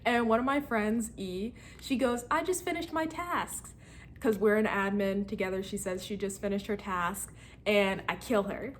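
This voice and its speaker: A woman in her twenties telling stories in a casual vlog, animated and laughing as she acts out her friends' lines. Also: medium pitch, moderate pace, slight background noise. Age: 20s. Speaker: student vlogger.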